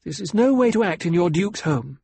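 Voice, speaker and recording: A man's voice: high-pitched, lively intonation, brisk, creaky, a little mellow, husky, no room sound, voice pushed up, exaggerated voice. A man voicing a stern, bitter noblewoman who gives clipped, imperious commands. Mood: commanding.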